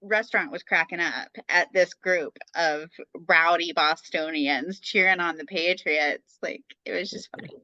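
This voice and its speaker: A woman's voice: fairly low pitch, measured pace, few pauses, sharp tone, no echo, dull audio. A woman in her thirties co-hosting a podcast about motherhood, chatting casually and rambling with lots of fillers. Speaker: podcast co-host. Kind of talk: casual chat.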